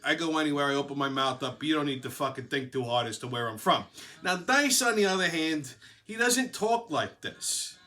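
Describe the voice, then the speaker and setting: A man's voice: mid-range voice, lively intonation, brisk, pushed and bright. Blunt, foul-mouthed Brooklyn man. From Brooklyn, New York. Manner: blunt, crude, heavy swearing. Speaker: show host. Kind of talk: casual profane monologue.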